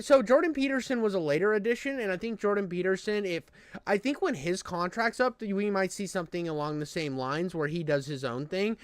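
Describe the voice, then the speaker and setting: A young man with a high, smooth and resonant voice talks loosely through online commentary. He rambles, swears freely and restarts sentences often. The sound is dry and close, from a desk mic at home. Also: a bit bright, no echo. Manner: rambling, profane, full of restarts. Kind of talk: casual stream commentary.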